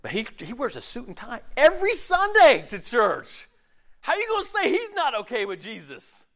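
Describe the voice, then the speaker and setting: A man mimicking an indignant churchgoer, high and shrill. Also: wildly swooping pitch, normal speed, sharp tone, exaggerated voice. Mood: scandalized. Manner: high-pitched, mocking, exaggerated indignation. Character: indignant male churchgoer defending a longtime member.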